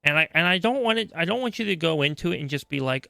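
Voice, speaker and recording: A man's voice: a little high, sing-song, quick pace, vocal fry, hardly any pauses, bright, forceful tone, no echo, faint music behind. A man hosting a podcast, explaining game lore in a chatty, casual way and checking in often with "right?". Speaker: podcast host.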